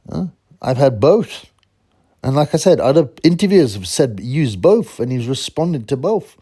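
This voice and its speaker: A man's voice: medium pitch, a little mellow. A man hosting a solo boxing channel, rambling casually and getting exasperated at his critics. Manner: rambling, exasperated, mocks critics in put-on voices.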